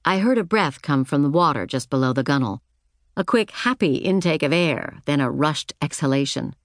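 A woman reads first-person audiobook fiction in a low, steady voice. Her delivery is measured and reflective, and the studio sound is close and dry. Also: no echo. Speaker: audiobook narrator. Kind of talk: scripted first-person narration.

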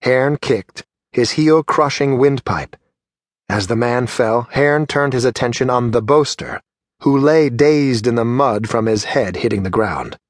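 A man's voice: mid-range voice, no echo. Man narrating a fantasy audiobook, dry voice. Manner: measured, steady storytelling. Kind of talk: scripted narration.

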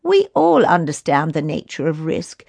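A woman doing a calm determined council elder. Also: deep voice, gravelly, husky, dry recording, exaggerated voice. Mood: reasoning. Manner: measured, determined. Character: calm wise council elder who defends the children.

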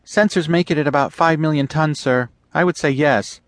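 A man voicing a young female fox-like lieutenant who gives quick, clipped military reports in an audiobook. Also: deep voice, no room sound, studio quality, voice pushed up, close to an everyday voice. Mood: brisk.

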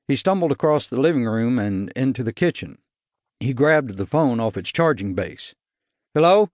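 Guy reading a thriller audiobook, steady and even, mid voice, dry studio mic. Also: medium pitch, moderate pace, no echo. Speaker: audiobook narrator. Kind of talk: scripted narration.

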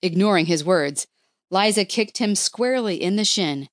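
A woman narrating an audiobook with a measured, expressive reading. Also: medium pitch, no echo, clean studio sound. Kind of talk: scripted narration of a historical romance.

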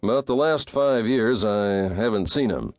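A man's voice: fairly low pitch, expressive, unhurried, no echo. A man playing a grave, guarded cowboy in an audiobook, dry and understated. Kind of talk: audiobook character voice.

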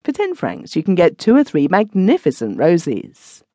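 A woman's voice: lowish voice, huge pitch swings, normal speed, mellow, no echo, clean studio sound. A woman narrator voicing a timid clerk husband who coaxes his wife and stammers when flustered. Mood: coaxing. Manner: coaxing, stammering.

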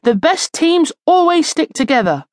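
A woman's voice: extremely high pitch, sing-song, moderate pace, no room sound, clean studio sound, pitched above the performer's own voice. A woman voicing a loyal, plucky young schoolgirl who speaks firmly. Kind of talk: audiobook character voice.

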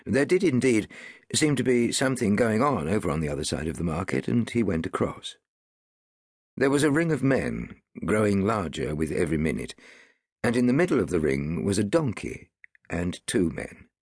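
A man narrating an audiobook in an expressive, wide-ranging storytelling manner. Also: lowish voice, moderate pace, husky, no echo, studio quality. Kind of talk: scripted narration.

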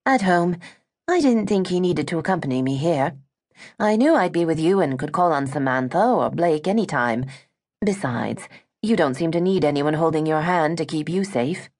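A woman's voice: low voice, lively intonation, moderate pace, a little mellow. A woman voicing a sheltered, earnest young British woman in an audiobook.

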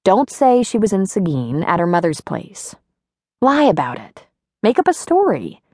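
A woman voicing a young woman's inner thoughts, hushed and plotting. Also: mid-range voice, big pitch swings, normal speed, dry recording, clean studio sound.

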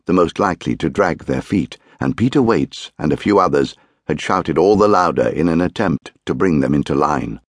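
In this scripted narration, a male audiobook narrator works through a crime novel slowly and gravely, his very deep voice carrying a breathy edge. The recording is close and dry, free of any room sound.

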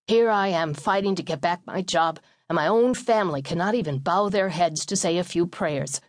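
A woman's voice: lowish voice, normal speed, no echo, clean studio sound, natural voice. Woman doing a weary coach dad, sighing. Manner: sighing, exasperated lecturing. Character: weary middle-aged football coach father, male.

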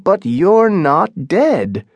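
A man's voice: high-pitched, big pitch swings, very slow, no room sound, pitched above the performer's own voice, heavily acted. A man voicing an anxious, timid English colony governor in an audiobook, worried and pleading. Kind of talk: audiobook character reading.

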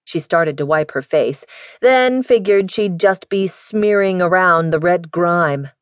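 Slow, low-voiced woman reading a mystery. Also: no echo, studio quality. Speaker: audiobook narrator. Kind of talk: scripted narration.

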